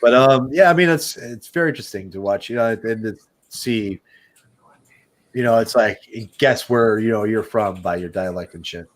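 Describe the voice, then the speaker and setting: Midwestern American male podcast host, lowish voice, casual rambling talker who swears. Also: moderate pace. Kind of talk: casual chat.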